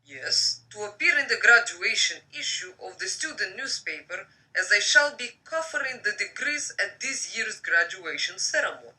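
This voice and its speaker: A woman with a Russian accent voicing a cool, composed young male tycoon in a lowered, deadpan voice while reading a storybook aloud. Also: distant mic, poor audio. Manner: deadpan, low and measured.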